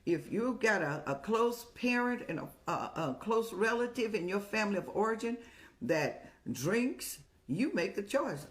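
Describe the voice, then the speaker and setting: An older woman hosts an advice show. Her speech is folksy and motherly, with a preaching lilt. Her voice sits at an ordinary middle pitch. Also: very animated, unhurried. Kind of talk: casual advice talk.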